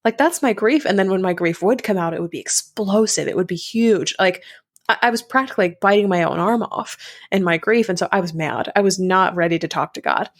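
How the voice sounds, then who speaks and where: Gravelly-voiced woman telling a story frankly. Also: on the low side, a little fast. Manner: frank and animated, many fillers. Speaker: podcast guest. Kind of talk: candid conversational storytelling.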